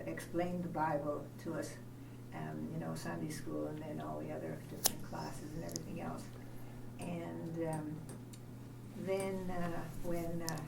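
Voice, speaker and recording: A woman's voice: fairly low pitch, gravelly. An older woman from Canada in the audience, telling a personal story in a hesitant way with many ums and uhs. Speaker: audience member. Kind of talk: casual storytelling. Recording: roomy sound from far off, noisy.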